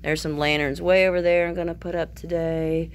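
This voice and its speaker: A woman's voice: on the low side, flat delivery, fairly quick. A woman teacher giving a casual video lesson from her home kitchen, chatty and loose, with fillers and asides.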